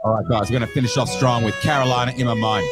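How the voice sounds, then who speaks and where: A man hosting a live call-in show, joking crudely, swearing freely and singing along to a song. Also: mid-range voice. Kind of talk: casual live-stream banter and karaoke singing.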